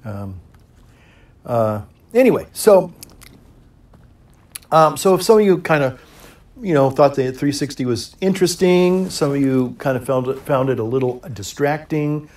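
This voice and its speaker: A middle-aged man, a priest, chatting casually to camera in a relaxed, rambling way, chuckling often and pausing to puff on his pipe. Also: medium pitch. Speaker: priest and pipe-smoking video host.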